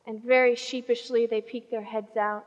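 A woman pastor preaching a sermon as an animated storyteller who shifts pace and volume. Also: a little high, moderate pace, highs cut off. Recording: reverberant hall.

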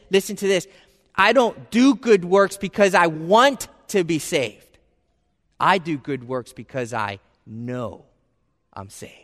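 A man preaching a sermon as pastor, earnest, moving between hushed lines and fervent outbursts. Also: high-pitched, big-room sound.

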